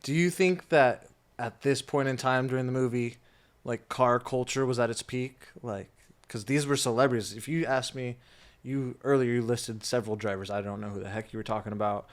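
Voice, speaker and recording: A man's voice: mid-range voice, steady tone, fairly quick. A young man co-hosting a casual movie review chat, asking curious questions and reacting with laughs. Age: young adult.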